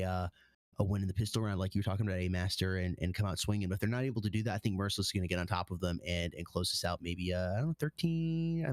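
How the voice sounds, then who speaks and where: Man, lowish voice, esports caster, excitable play-by-play, dry close headset sound. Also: no echo. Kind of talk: live esports commentary.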